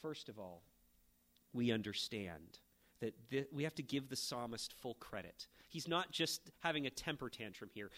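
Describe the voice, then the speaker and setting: At a normal speed, a middle-aged man gives a sermon as pastor, expressive and emphatic. His delivery surges to fervent peaks, then falls back quiet and low.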